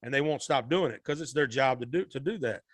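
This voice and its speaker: Talking at a quick pace in a mid-range voice, a singer on a podcast relates a lively story, performing the voices of its characters. The recording is dry.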